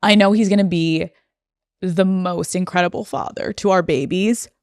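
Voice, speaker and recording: A woman's voice: on the low side, fairly even intonation, moderate pace, a little mellow, clean tone, dry recording. An American woman in her thirties, a podcast host, speaking candidly and emotionally with many fillers, close to tears. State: near tears. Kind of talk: personal monologue.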